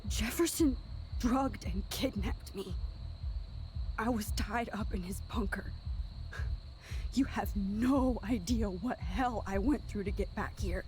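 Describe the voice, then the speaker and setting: A woman voicing an earnest, anxious teenage girl with time powers in a video game, talking in a pleading, quietly worried way. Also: medium pitch, takes it slowly, long pauses, slight background noise, lightly acted.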